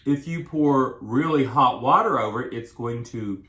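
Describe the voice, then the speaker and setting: Eating at a table indoors, a man with a mid-range, slightly bright voice talks at a moderate pace, wandering between thoughts with his mouth full. He co-hosts a food vlog, this is relaxed mukbang chatter, and the room echoes.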